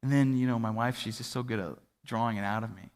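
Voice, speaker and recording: A man's voice: medium pitch, fast talker. A young adult man, a pastor, preaching a sermon in a church and telling self-deprecating stories in a conversational way. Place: church sanctuary. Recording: hall reverb from a church livestream.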